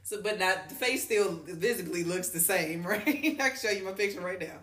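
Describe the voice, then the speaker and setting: A woman's voice: on the low side, normal speed, a bit bright, echoey room, a little hiss or hum. A woman co-hosting a podcast, telling a story in a casual, slangy way and laughing often. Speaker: podcast co-host.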